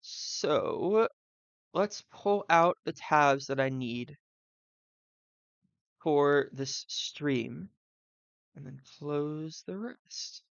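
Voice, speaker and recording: A man's voice: on the high side, extremely slow, creaky, long pauses, dry recording, dull audio. A man from the Southern US, streaming live and thinking aloud, rambling with fillers and side tangents.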